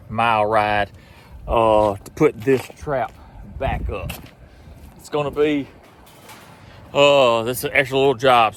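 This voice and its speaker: A man's voice: medium pitch, fairly bright tone, a little hiss or hum. A man with a Southern US accent, chatting folksily outdoors in a field while narrating his hog trapping vlog. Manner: folksy, chatty, laughs often.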